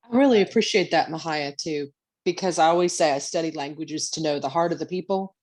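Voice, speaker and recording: A woman's voice: low-pitched, a little fast, darkish tone. A woman student in a class, speaking earnestly and appreciatively.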